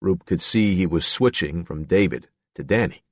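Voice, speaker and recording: A man narrating a true-crime audiobook in a measured storytelling manner. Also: sits low, no echo. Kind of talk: scripted narration.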